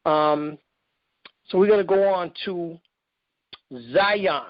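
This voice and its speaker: A man hosting a casual video-call interview, joking and teasing his young guests in relaxed slang. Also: high voice, slow, no echo, highs cut off. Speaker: interview host.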